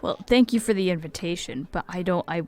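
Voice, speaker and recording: A woman's voice: lowish voice, a little fast, a little mellow. A woman playing a tabletop game, asking polite, practical questions in casual talk. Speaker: player. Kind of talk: casual tabletop role-play.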